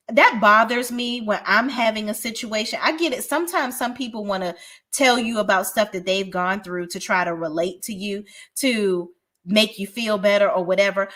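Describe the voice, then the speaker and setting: Her mid-range voice comes out pushed and bright as she recaps a reality show with no filter and plenty of swearing. The reality TV reviewer keeps restarting her sentences in this casual take.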